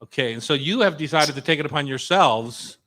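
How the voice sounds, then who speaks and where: A man hosting a relaxed food radio show, chatting and joking with guests in a loose, rambling way. His voice sits a bit high and sounds bright and forceful. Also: a little fast. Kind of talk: casual radio chat.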